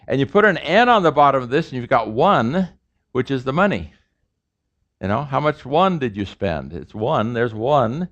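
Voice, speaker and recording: A man's voice: mid-range voice, animated, moderate pace, fairly bright tone. Playful male professor drilling vowel sounds. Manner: playful, drills sounds aloud, asks the class questions. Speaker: professor teaching a language class. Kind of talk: classroom lecture. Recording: dull lo-fi lecture recording.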